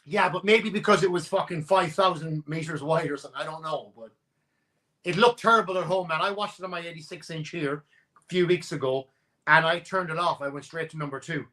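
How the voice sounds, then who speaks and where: A man talks movies on a live video call from his home setup, animated and teasing, with plenty of swearing. His voice is bright and forceful and sits a touch high for a man. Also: brisk. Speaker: live stream co-host. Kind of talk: casual chat about movies.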